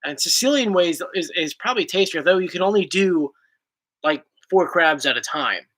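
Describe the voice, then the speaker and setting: A man's voice: high voice, animated, normal speed, a bit bright, poor audio. A young man hosting a casual chat, rambling playfully and reading viewer questions aloud. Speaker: YouTube host.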